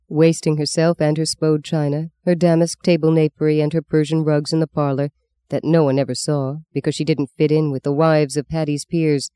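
Male audiobook narrator, measured storyteller, slightly higher voice, dry studio sound. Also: dark tone, clear, resonant tone, dry recording.

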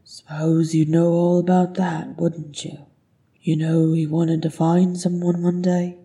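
A woman's voice: on the low side, little pitch movement, a little slow, mellow. A woman voicing a grieving male dwarf thief who speaks in a bitter, choked-up way, for an audiobook. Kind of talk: audiobook character voice.

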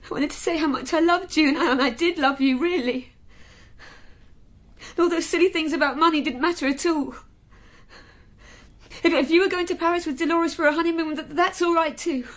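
A woman's voice: high voice, fairly even intonation, a little fast, long pauses, a bit bright. An actress playing an emotional, earnest daughter grieving her father. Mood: tender. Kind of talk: radio comedy drama.

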